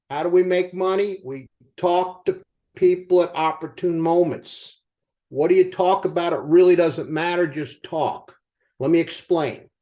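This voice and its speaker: An older man with a high-pitched voice delivers a motivational sales talk. He tells it as a lively story and keeps asking his listeners rhetorical questions. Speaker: company co-founder speaking to sales team.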